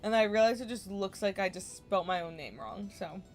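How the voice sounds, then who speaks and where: A woman chats casually through a cozy game session, her talk relaxed and easygoing and full of small self-deprecating asides. Her voice sits at an ordinary middle pitch, and soft game music plays faintly behind her. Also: normal speed. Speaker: gaming streamer. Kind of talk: casual gameplay commentary.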